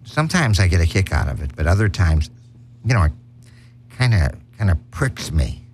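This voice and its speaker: A man's voice: low voice, big pitch swings, normal speed, a little mellow, a little hiss or hum, voice pushed down. A man doing an impression of a vain, flamboyant showman pianist, with fawning greetings and campy punchlines. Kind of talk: comic impression monologue.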